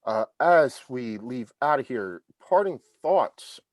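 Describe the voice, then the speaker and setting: A man's voice: medium pitch, lively intonation, slow, no echo. A man hosting a casual soccer podcast roundtable over a video call. He is jokey and keeps the segment moving. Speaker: podcast host.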